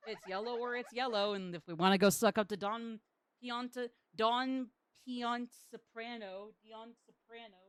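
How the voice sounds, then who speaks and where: A woman's voice: a little high, fairly even intonation, normal speed, a little hiss or hum. A woman streamer chatting casually while playing a game, chatty and self-deprecating. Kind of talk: casual gaming stream chat.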